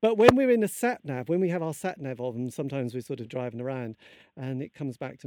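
A man's voice: mid-range voice, lively intonation, fairly quick, darkish tone. A man from England hosting a radio show, chatty, polite and eager. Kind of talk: radio interview and sign-off.

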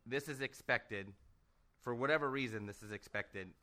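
A man's voice: mid-range voice, bright, forceful tone. A male podcast co-host thinking aloud in casual chat, often restarting his words. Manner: thoughtful, halting, repeats words.

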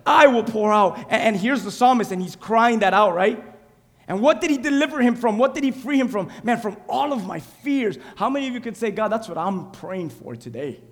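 A man preaching a sermon as pastor, building to shouts and calling for amens. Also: high-pitched, lively intonation, brisk. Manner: preaching with rising shouts and calls for amen. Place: church sanctuary. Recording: hall reverb.

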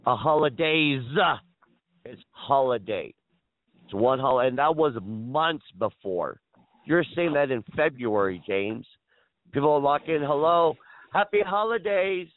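A man's voice: medium pitch, expressive, a little slow, dry recording. A man on a chat line, lecturing the other caller and repeating his name over and over. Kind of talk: heated phone argument. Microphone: phone. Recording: tinny phone line.

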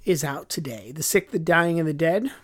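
A man's voice: a little high, lively intonation, moderate pace. A man co-hosting a podcast from a room at home, chatting casually and enthusiastically, rambling and correcting himself as he goes. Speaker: podcast co-host. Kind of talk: casual chat. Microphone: headphones with mic at home.

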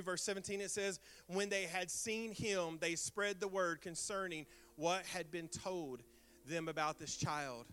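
A male pastor preaching a sermon in a church. He repeats his refrains with emphasis and swings between loud bursts and soft, low lines.

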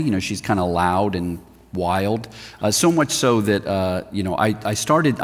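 A man preaching a sermon, telling stories with sudden swings from loud emphasis to a hushed, near-whispered voice. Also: medium pitch. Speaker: pastor. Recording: long reverb of a large hall.

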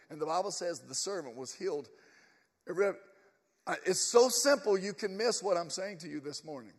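High-voiced emphatic preacher in reverb. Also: male voice, lively intonation, moderate pace. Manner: emphatic, storytelling, addresses the congregation. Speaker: pastor. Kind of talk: sermon. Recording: long church reverb.

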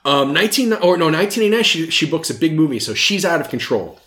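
A man rattles along at a quick clip as a podcast host, rambling from one tangent to the next with jokes and swearing. He laughs often. The recording carries a roomy echo. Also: a little high, big pitch swings, a bit bright. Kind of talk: casual chat.

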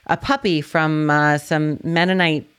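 Woman cohost, blunt, laughs a lot, smooth clear voice, no filter at all. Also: deep voice, steady tone, a little slow, a bit bright. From US Northeast. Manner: blunt and laughing, says she has no filter. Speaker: podcast co-host. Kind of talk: casual chat.

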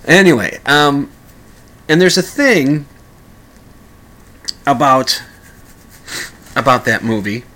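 A man's voice: mid-range voice, expressive, slow, long pauses, pushed and bright. A man hosting a podcast, talking casually in a rambling way with frequent restarts. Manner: rambling, with many restarts and sung mock lyrics. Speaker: podcast host. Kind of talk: casual monologue.

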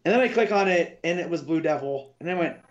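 Male podcast co-host, slightly raised pitch, chatty and rambling, dull lo-fi mic. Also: lively intonation, fast. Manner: rambling, talks through his confusion with restarts. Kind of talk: casual comic book review chat.

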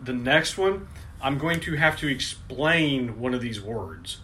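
Trivia questions and their answer options are read out by a podcast co-host whose medium-pitched voice is expressive, a little slow, and sharp in tone. The chat is casual, and he stumbles into many restarts and laughs a lot.

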